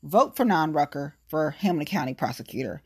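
A woman's voice: sits low, expressive, brisk, gravelly, husky. Fired-up, blunt woman in her late thirties. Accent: African American English. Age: 30s. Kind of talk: casual political rant.

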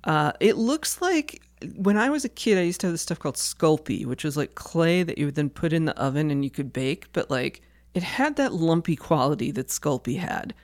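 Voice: medium pitch, lively intonation, normal speed. Wry joking podcast co-host. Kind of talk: casual movie discussion.

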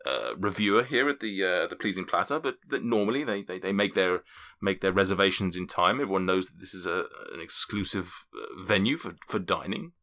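A man's voice: sits low, expressive, brisk, few pauses, sharp tone, exaggerated voice. A man voicing a haughty restaurant maître d' who stammers when affronted.

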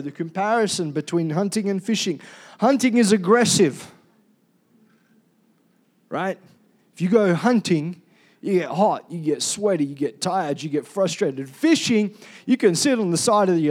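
A man's voice: high-pitched, a little mellow. A man preaching a sermon in a casual, jokey way and calling out for amens. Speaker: pastor.

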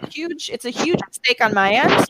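A woman chatting as a podcast guest, talking in rambling bursts with many restarts and quick laughs. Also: sits high, lively intonation, fairly bright tone, no echo. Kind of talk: casual podcast chat.

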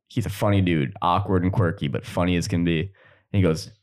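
A man's voice: low voice, brisk. A young man in casual chat, telling stories between bursts of laughter. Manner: storytelling, animated with laughter.

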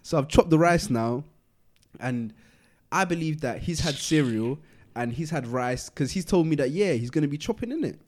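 Animated young man telling a story. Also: a little high, moderate pace, a little hiss or hum. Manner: animated, acts out quotes, London street slang. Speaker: podcast co-host. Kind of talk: casual storytelling chat.

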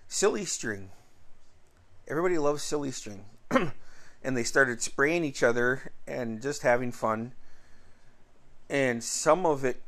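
A man's voice: medium pitch, a bit bright. Rambling man telling old stories. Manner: rambling, swears freely, many fillers. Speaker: vlogger. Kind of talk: casual storytelling.

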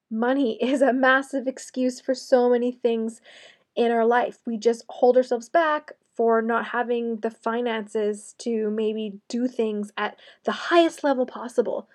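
A woman's voice: on the high side, fairly even intonation, measured pace, a little mellow. A young adult woman giving a motivational solo talk, conversational with sarcastic asides and light laughs.

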